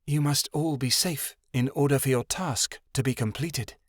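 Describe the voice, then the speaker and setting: A man voicing a mysterious she-wolf who speaks quietly and solemnly. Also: medium pitch, moderate pace, dry recording, clean studio sound, voice pushed up, lightly acted. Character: mysterious sandy she-wolf, calm and commanding.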